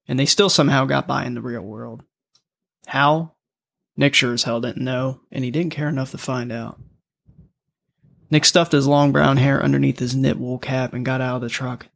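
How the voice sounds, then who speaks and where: A man's voice: mid-range voice, vocal fry. A man narrating a story in a casual, profane audiobook manner.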